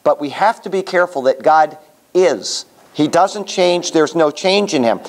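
A man's voice: on the high side, lively intonation, measured pace. A man leading a Bible study class in a conversational way, asking the class questions as he teaches. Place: room with a small class.

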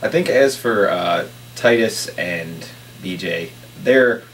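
Low-voiced man, distant with faint hum. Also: expressive, slow pace, fairly bright tone. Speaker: podcast co-host. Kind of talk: casual chat reviewing a wrestling show.

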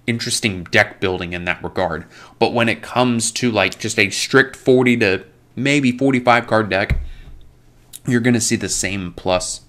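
A man hosting his channel, rambling and opinionated as he answers viewer comments, a little hoarse from losing his voice and clearing his throat. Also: sits low, a bit bright. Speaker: YouTube host. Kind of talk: casual commentary. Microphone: desk microphone.

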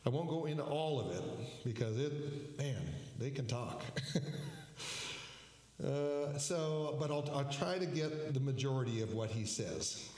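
A man preaching as a pastor, telling a story in a slow, halting way with many fillers and restarts. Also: medium pitch, lively intonation, a little mellow. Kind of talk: sermon storytelling. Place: church sanctuary. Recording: echoey church hall.

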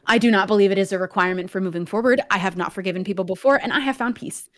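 Earnest young woman, soft and firm. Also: mid-range voice, very fast. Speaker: guest streamer. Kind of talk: casual chat.

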